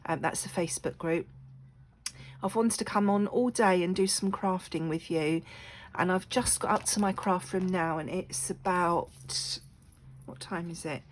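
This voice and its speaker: Brief: woman, low-pitched, chatty craft vlogger with a lingering cough, faint background hum. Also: measured pace, low-quality recording. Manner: chatty, apologetic, many ums. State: recovering from a cough. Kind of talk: casual chat. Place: home craft room.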